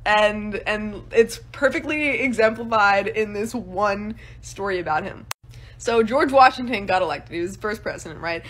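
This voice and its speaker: A woman's voice: mid-range voice, normal speed. A woman telling history stories in a casual, comedic way, chatty and full of filler words. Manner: chatty, constant filler words, animated voices. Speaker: history content creator.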